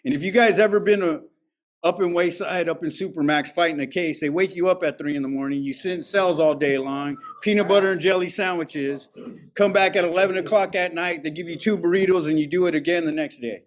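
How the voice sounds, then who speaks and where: Brief: man, fairly high voice, blunt, streetwise, swears freely, recovery-meeting share. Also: brisk. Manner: candid, profane, streetwise storytelling. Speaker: speaker at a recovery alumni meeting. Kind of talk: personal recovery testimony.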